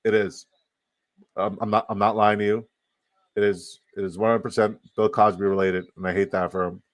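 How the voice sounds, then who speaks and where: A Canadian man with a lowish voice chats loosely on a live stream, rambling and dropping casual profanity as he reads messages aloud. He sits close to his mic in a dead, dry room. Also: little pitch movement, normal speed, no room sound. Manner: rambling, profane, reacting to chat. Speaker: fantasy football streamer.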